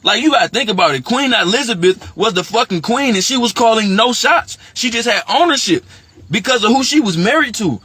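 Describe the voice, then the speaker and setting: Brief: man, high husky voice, bright and edgy, heated profane rant with rapid rhetorical questions. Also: animated, dry recording.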